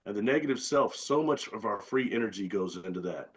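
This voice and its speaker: A man as a guest in a casual chat, explaining ideas slowly and deliberately and listing terms one by one. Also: fairly low pitch, expressive.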